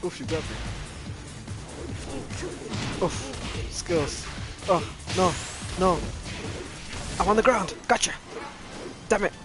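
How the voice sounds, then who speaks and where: A man hosting a gaming channel, chatting casually while he plays and getting loudly worked up when he loses. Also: sits high, takes it slowly, pauses often. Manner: excitable, gets loudly worked up over losses. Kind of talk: casual gameplay commentary. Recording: game music under the voice.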